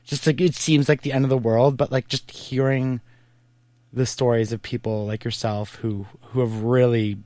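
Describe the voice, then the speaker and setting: A man's voice: mid-range voice, fairly even intonation, moderate pace, warm tone, no room sound. A man hosting a podcast, chatting casually and rambling as he thinks aloud, with many fillers and restarts. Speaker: podcast host. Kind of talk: casual interview chat.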